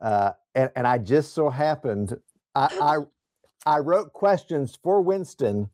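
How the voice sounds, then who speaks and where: A man's voice: mid-range voice, animated, measured pace, a little mellow, no room sound, studio quality. A man hosting an interview over a video call, with folksy agreeing fillers. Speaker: interview host. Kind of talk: casual interview.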